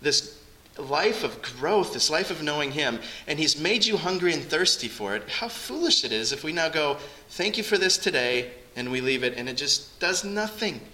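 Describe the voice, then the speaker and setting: A man's voice: on the high side, animated, moderate pace, bright, forceful tone, rough recording. A man preaching a sermon to his congregation in an earnest, conversational way. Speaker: pastor.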